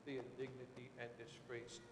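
A man preaching a sermon with dramatic swings, rising to shouted quotes and dropping low and quiet. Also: monotone, moderate pace, roomy sound, in a large hall, noisy background.

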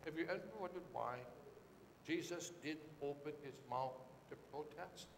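A man preaching a sermon with dramatic swings, rising to shouted quotes and dropping low and quiet. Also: moderate pace, creaky, roomy sound, big-room sound, a little hiss or hum.

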